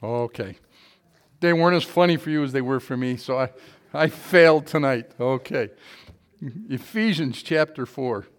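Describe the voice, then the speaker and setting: A man's voice: mid-range voice, normal speed, clear, resonant tone. A man preaching in a church, telling folksy jokes and reading scripture with rising force. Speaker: pastor. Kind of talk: sermon with jokes.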